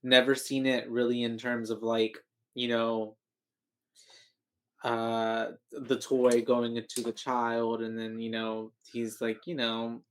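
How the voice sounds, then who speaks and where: A man's voice: mid-range voice, monotone, takes it slowly, fairly bright tone, clean tone. A man co-hosting a podcast, giving his casual, hesitant take on a movie. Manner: laid-back, hesitant, frequent fillers. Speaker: podcast co-host. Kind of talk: casual movie recap chat.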